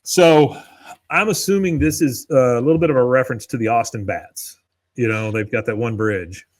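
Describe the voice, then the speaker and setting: A man co-hosting a podcast, his voice sitting at an ordinary middle pitch. He retells a cartoon episode in an easygoing, chatty way. He slips into the characters' lines as he goes. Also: normal speed. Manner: laid-back storyteller, acts out quoted lines. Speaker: podcast co-host. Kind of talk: casual chat recapping an episode.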